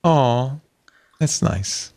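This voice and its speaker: A man's voice: mid-range voice, animated, extremely slow, a little mellow, dry recording. A man hosting a podcast in a casual chat, joking and plugging the show. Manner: jokey, chatty, plugs the show. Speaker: podcast host.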